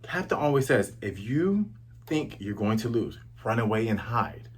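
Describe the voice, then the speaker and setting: A man doing hushed, determined little boys. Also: medium pitch, big pitch swings, moderate pace, slightly rough, pitched below the performer's own voice. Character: brave little village boys whispering on the ground.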